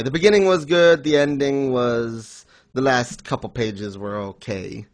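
A man's voice: mid-range voice, lively intonation, a little fast. A man in casual podcast chat with an ordinary mid-range voice. He talks bluntly and sarcastically, swearing without a second thought. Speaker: podcast co-host reviewing manga.

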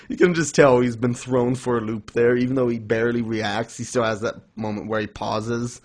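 A man talks through a story in loose, casual chat. His pitch sits right in the middle, and he wanders with fillers and restarts as he goes. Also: fairly even intonation, moderate pace. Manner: rambling, filler-heavy storytelling with many restarts. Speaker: podcast host recapping an anime.

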